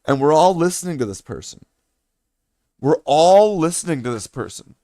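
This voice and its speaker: A man tells a story on stream in a casual, animated voice that swoops up and down. He restarts sentences often and swears freely. The sound is close and dry. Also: fairly high pitch, moderate pace, no room sound.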